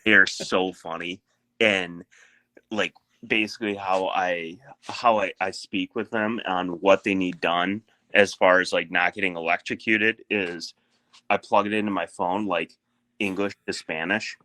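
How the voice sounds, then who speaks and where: A man's voice: low voice, steady tone, a little slow, bright, forceful tone, no room sound. A young man co-hosting a podcast, telling a story in a rambling, laughing way with many fillers. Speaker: podcast co-host. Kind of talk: casual storytelling chat.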